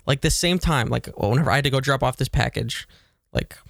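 A man's voice: mid-range voice, lively intonation, a little fast, gravelly, a bit bright, no echo, studio quality. A man co-hosting a podcast, venting in a rambling, exasperated way with lots of fillers. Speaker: podcast co-host. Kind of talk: casual chat.

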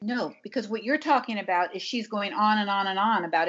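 A woman's voice: medium pitch, brisk, fairly bright tone, highs cut off. Emphatic woman giving relationship advice. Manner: emphatic, acts out couples' dialogue. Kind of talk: casual conversation.

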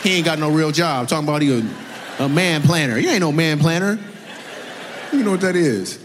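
Comedian, male, lively crowd-work banter; live hall with long reverb. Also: a little high, normal speed, noisy background. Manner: teasing, laughing, playful banter.

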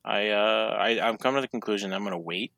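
A laid-back man chats on a podcast, swearing casually and trailing off with fillers. His voice sits a bit low but sounds bright and forward. The sound is dry and close. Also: fast, vocal fry, dry recording. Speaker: podcast co-host. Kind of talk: casual chat.

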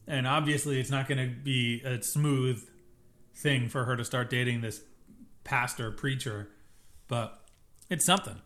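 A man's voice: medium pitch, fairly even intonation, a little slow, long pauses, fairly bright tone. A man with a mid-range voice trades views on a drama series with his podcast co-host. He talks in an easy, opinionated way and often stops and restarts his sentences as he works out what he means. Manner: opinionated, thinks aloud with restarts. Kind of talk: casual TV recap chat.

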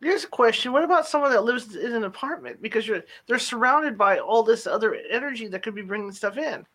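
A casual interviewer asking questions in a mid-pitched voice. The speech is loose, with fillers and repeated words. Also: expressive, brisk, pushed and bright.

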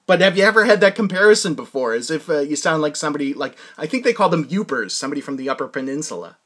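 Halting, higher-voiced male podcast host. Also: expressive, a bit bright. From New England. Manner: halting, with frequent restarts and fillers. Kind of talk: casual interview.

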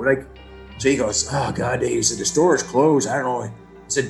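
Being interviewed about his missing sister, an Ontario, Canada man retells events plainly and profanely, acting out quoted dialogue. He speaks briskly in a mid-range voice with vocal fry, in a reverberant space with faint music playing.

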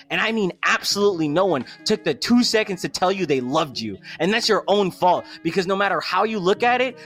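A man's voice: high-pitched, a bit bright. A young man co-hosting a podcast, ranting bluntly with lots of swearing. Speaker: podcast co-host. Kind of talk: casual chat.

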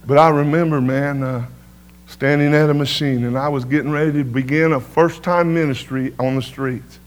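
A man's voice: on the high side, fairly even intonation, normal speed. A middle-aged man preaching his testimony, telling folksy stories and tossing "amen" to the congregation. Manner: folksy storytelling, peppered with "amen" to the crowd. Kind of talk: sermon testimony storytelling.

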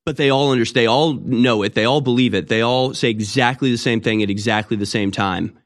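A man's voice: medium pitch, fairly quick. A man delivering an opinionated, sarcastic monologue with rambling restarts. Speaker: commentator.

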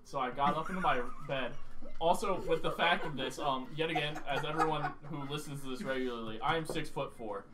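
A man's voice: on the high side, fairly quick, distant mic, over a noisy crowd. A young man co-hosting a podcast, telling a story casually and animatedly, swearing and laughing as he goes. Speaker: podcast co-host.

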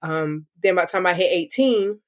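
A woman's voice: lowish voice, normal speed. A young woman giving a candid personal testimony in an interview, reflective and full of "like" and "um". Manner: candid and reflective, with many "like" and "um" fillers. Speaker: interview guest. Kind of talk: personal testimony, casual storytelling.

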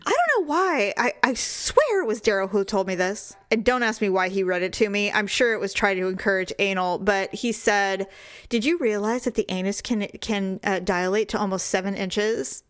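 A woman's voice: medium pitch, animated, normal speed, a bit bright, no echo, studio quality. A woman co-hosting a casual chat, trading bawdy jokes and banter. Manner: bawdy, joking banter with frequent laughter.

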